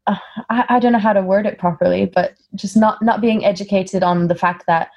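A woman from Singapore with an American-sounding accent, speaking as an interview guest in a relaxed, thoughtful way, often pausing with fillers. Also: medium pitch, dull audio. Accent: American-sounding English. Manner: thoughtful, frequent "um" fillers, acts out quoted exchanges. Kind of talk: casual conversational interview.

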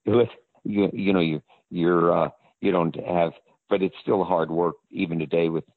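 A man's voice: deep voice, fairly even intonation, moderate pace, no room sound. An older man, an actor guest in an interview, telling rambling anecdotes. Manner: rambling storyteller. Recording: tinny phone-line audio.

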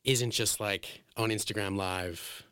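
Low-ish guy chatting in an interview, says like constantly, laughs a lot, dry close sound. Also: steady tone, slow, sharp tone, clear, resonant tone, no room sound. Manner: chatty, full of "like" fillers, acts out quotes; emotional, laughs often. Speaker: drag performer and guest. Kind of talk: casual interview storytelling.

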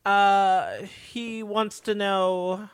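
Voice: medium pitch, little pitch movement, extremely slow, clean tone. A podcast co-host recapping a TV episode in casual chat, laid-back and agreeable.

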